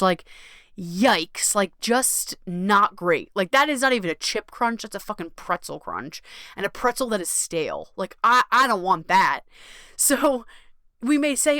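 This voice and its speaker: A woman hosting a solo podcast with gushing, animated energy. She slips into little acted voices and swears in a casual way. Her medium-pitched voice sits close to the mic in a dry, dead sound. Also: normal speed, clean tone, no room sound. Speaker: podcast host.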